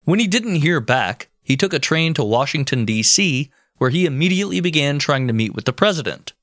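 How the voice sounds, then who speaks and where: A man's voice: a little high, brisk, no echo, studio quality. A man co-hosting a podcast, telling a history story in casual chat, swearing freely. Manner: swearing, animated, deadpan jokes. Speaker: podcast co-host.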